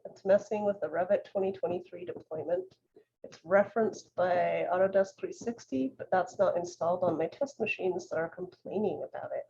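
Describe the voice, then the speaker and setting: Gravelly co-host on a noisy lo-fi stream. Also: mid-range voice, normal speed. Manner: relaxed, wry, laughs easily. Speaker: co-host reading viewer comments. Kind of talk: casual conversational livestream chat. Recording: dull lo-fi audio with faint noise.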